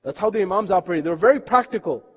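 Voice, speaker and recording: A male preacher delivers a sermon with earnest storytelling and rhetorical questions. His voice sits high for a man. The sound carries the long reverb of a mosque hall. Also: animated, rapid-fire, fairly bright tone, husky.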